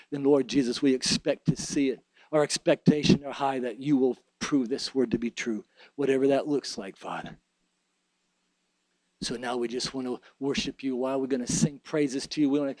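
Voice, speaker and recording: Fervent man preaching, fairly high voice. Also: a little mellow, dry recording, rough recording. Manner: fervent, emphatic preaching with repeated phrases. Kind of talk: sermon and altar prayer.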